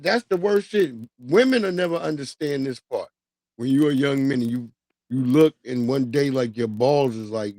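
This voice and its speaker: A man's voice: mid-range voice, a little mellow, dry recording. A man hosting a casual livestream, talking loosely with profanity and street slang. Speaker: livestream host.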